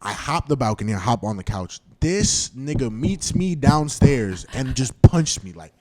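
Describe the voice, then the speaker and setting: A man casually telling a long, animated story to friends on a podcast, swearing often and acting out the quotes. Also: medium pitch, moderate pace. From Florida. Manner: animated, slangy, swears a lot, acts out quotes. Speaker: podcast host.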